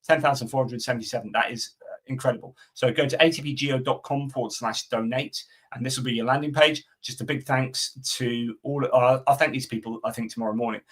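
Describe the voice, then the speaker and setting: A man's voice: mid-range voice, fairly even intonation, quick pace, fairly bright tone. A middle-aged man hosting a live stream, chatting casually and answering viewer comments, with lots of fillers and restarts. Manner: rambling, many fillers and restarts.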